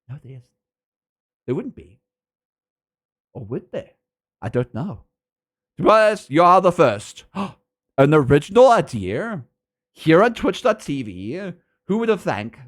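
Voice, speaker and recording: Male streamer, casual chat, playful, teasing, lively pitch. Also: a little slow, pauses often. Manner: playful, teasing, laughs often, jumps between loud and mumbled; reads chat aloud and answers viewers.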